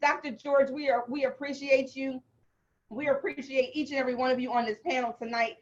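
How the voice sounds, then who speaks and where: A woman's voice: high-pitched, fairly even intonation, fairly quick. A woman co-host giving fervent, encouraging closing remarks over a video call. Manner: fervent and affirming. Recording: dull lo-fi call audio.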